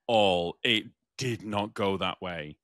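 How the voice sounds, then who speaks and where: A British man co-hosting a podcast, telling a story in casual chat, animated and swearing freely. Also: low voice, slow, no echo, clean studio sound. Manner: animated, swears freely, acts out other voices. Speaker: podcast co-host.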